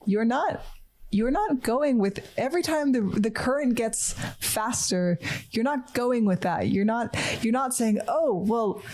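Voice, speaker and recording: Mellow-voiced woman podcast host. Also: on the high side, animated, a little slow. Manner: thoughtful, searching for words with fillers. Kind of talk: casual podcast chat.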